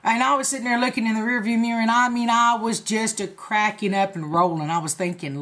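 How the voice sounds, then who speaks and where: A woman's voice: mid-range voice, fairly quick, few pauses, fairly bright tone. A woman in her forties telling a story in a casual, profane, laughing way to her viewers. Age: 40s. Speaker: vlogger.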